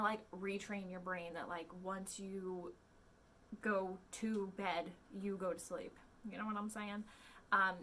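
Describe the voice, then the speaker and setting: A woman's voice: medium pitch, sharp tone, a little hiss or hum. A young adult woman hosting a podcast, talking casually in a chatty, rambling way full of ums and likes. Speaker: podcast host. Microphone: podcast mic.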